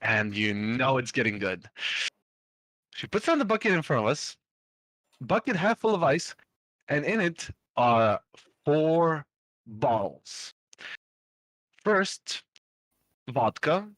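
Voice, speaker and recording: A man's voice: mid-range voice, sing-song, slow pace, pauses often, a bit bright, dry recording. A young man telling a long story on a podcast in a loose, rambling way, with lots of fillers and casual swearing. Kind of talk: casual storytelling among friends.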